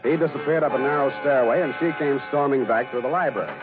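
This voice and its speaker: A man's voice: medium pitch, fast talker, over music, natural voice. An actor playing a wisecracking private eye who narrates his case in a 1940s radio drama, with dry, wry delivery. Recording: tinny old radio broadcast.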